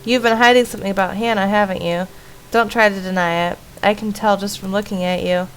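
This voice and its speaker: A woman's voice: medium pitch, fairly even intonation, brisk, a little hiss or hum, natural voice, low-quality recording. A woman reading aloud as a young heroine who questions and accuses her friend about her missing sister. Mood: accusing.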